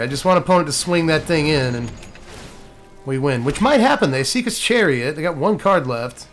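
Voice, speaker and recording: A man's voice: a little high, brisk, faint music behind. A man commenting casually on his own online card game, talking to himself and ranting in exasperation when plays go wrong. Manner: animated, talks to himself and the game, exasperated rants. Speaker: gameplay streamer.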